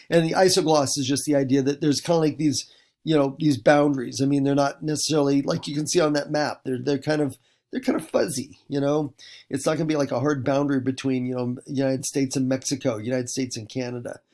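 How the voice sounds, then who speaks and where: A middle-aged male teacher from the Pacific Northwest gives a recorded lecture. His voice sits at an ordinary pitch with a gravelly edge. He rambles, often restarts his sentences and fills pauses with "uh" and "you know.". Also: mellow. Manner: rambling, many fillers and restarts.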